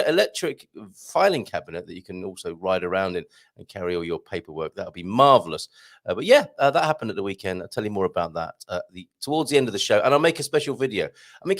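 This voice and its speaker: A hoarse man hosting a live morning show, chatting and joking in a rambling way. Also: medium pitch. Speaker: host. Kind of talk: casual live-stream chat.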